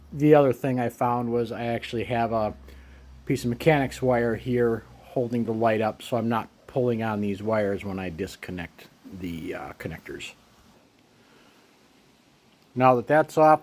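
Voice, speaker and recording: A man casually talking through a motorcycle headlight swap, relaxed and plain-spoken, thinking aloud as he works with his hands. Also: medium pitch, measured pace. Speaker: motorcycle owner showing a repair. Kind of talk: casual how-to narration.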